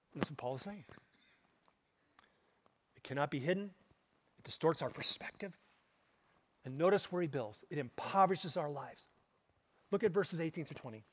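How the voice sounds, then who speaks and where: A male pastor preaching a sermon, pressing hard on key words and then dropping to hushed, low asides. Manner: emphatic, swings between loud stresses and hushed low asides. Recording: long hall reverb.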